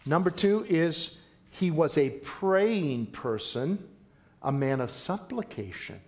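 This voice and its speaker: Animated, emphatic male preacher. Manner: emphatic, conversational preaching with sudden rises in pitch and volume. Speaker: pastor. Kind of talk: sermon.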